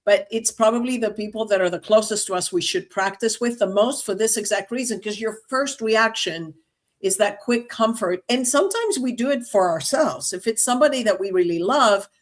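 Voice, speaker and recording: A woman's voice: mid-range voice, normal speed. A woman co-hosting a webinar, speaking candidly and reflectively in casual talk.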